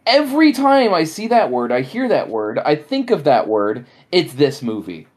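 Low-voiced woman chatting casually. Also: normal speed. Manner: animated, rambling, acts out lines in high voices. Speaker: podcast co-host. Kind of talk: casual movie review chat.

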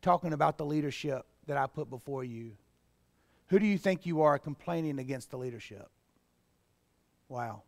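High-voiced preacher in a big hall. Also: male voice, moderate pace, vocal fry, pauses often. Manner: animated preaching, rising to shouts, reading scripture aloud. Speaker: pastor. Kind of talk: sermon.

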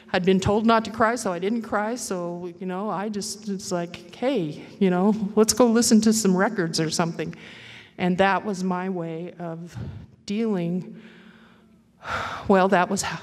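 Low-voiced woman sharing her story, halting. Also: darkish tone, in a large hall. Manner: halting, reflective, many fillers. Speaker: recovery meeting speaker. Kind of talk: personal testimony talk.

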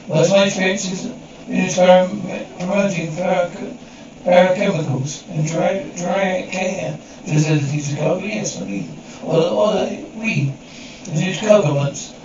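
A man's voice: high-pitched, heavy reverb, lightly acted. A man speaking lines in a television drama scene, heard muffled and distant. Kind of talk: TV drama audio. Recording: muffled, distant TV audio with crowd noise.

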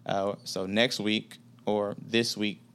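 A man from Atlanta speaks in a very deep, fairly flat voice that stays smooth and clear. He tells his stories in a relaxed, slangy way and acts out the lines of the people he quotes. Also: slow. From Atlanta, USA. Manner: laid-back storyteller, slangy, acts out quoted dialogue. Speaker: podcast guest, business executive. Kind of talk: casual podcast conversation.

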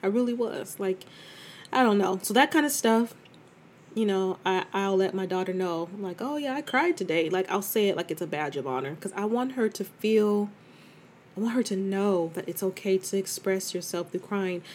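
A woman's voice: mid-range voice, moderate pace, a little mellow, slight background noise. A middle-aged woman talking candidly and conversationally as a host, speaking straight to her listener and calling her "girl". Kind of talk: casual confessional talk.

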